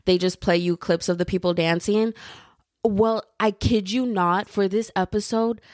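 A woman's voice: medium pitch, steady tone, measured pace, no echo, clean studio sound. A young woman hosting her own podcast, rambling in casual chat and laughing often. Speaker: podcast host.

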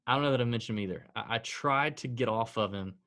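Fast-talking and fairly bright at a medium pitch, this podcast co-host chats casually about sports betting. He fires off figures, sighs along the way, and turns his dry humor on himself.

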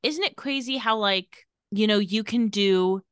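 A young woman co-hosting a podcast, recapping a TV episode in a sarcastic, deadpan play-by-play and acting out the characters' lines. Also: medium pitch, unhurried, clean tone, dry recording, clean studio sound. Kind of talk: casual recap chat.

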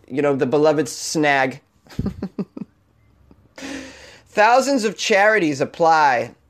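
A man hosting a comedy news podcast, reading odd stories aloud and riffing on them with jokes and frequent laughter. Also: fairly high pitch. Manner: jokey, laughs often, reads news then riffs on it.

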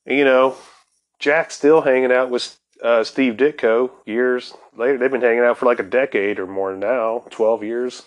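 A man hosting a casual podcast, telling comics history in a loose, profane, excitable way that is often broken by laughter. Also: medium pitch, moderate pace, muffled recording. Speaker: podcast host.

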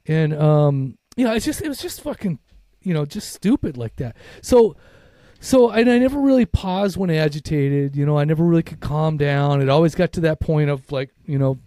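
A man's voice: fairly high pitch, lively intonation, moderate pace, dark tone, no room sound, clean studio sound. A middle-aged man co-hosting a recovery podcast, talking candidly with profanity and plenty of fillers. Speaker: podcast co-host. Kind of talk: casual recovery podcast talk.

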